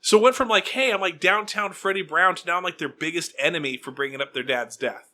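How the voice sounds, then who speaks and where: A young man hosting a podcast, telling an animated story in casual chat and acting out other people's lines. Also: sits high, fast talker. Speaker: podcast host.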